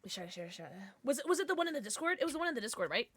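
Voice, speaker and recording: Excitable young woman streamer, bright voice. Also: high-pitched, rapid-fire, breathy edge, dry recording. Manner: excitable, jumpy, swears and shrieks when scared. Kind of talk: casual gaming livestream chat.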